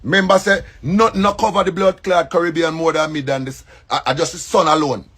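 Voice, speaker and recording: This comedian, a man with a Jamaican accent, gives a casual, preachy monologue, stressing and repeating his points emphatically. His fairly high voice has a fairly bright, slightly rough tone.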